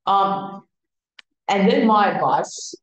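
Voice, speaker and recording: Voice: medium pitch, lively intonation, slow, fairly bright tone, heavy reverb, rough recording. A music theory tutor giving a casual online lesson, explaining in a chatty way with many fillers and restarts.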